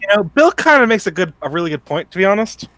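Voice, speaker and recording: A man's voice: high-pitched, sing-song, quick pace, bright, forceful tone, a little hiss or hum. A man co-hosting a podcast, adding wry comments in casual chat. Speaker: podcast co-host.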